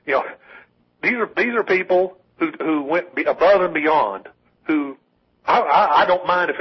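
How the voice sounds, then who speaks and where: A fairly high-voiced man rambles through casual political talk on a call-in radio show, stumbling over restarts and dropping wry asides. His voice is husky, and the broadcast sounds dull and lo-fi. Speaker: call-in co-host.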